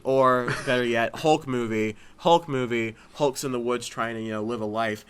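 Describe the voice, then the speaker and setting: A man hosting a casual podcast chat, excitable and often acting out scenes in voices. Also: mid-range voice, fairly quick, hardly any pauses. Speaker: podcast host.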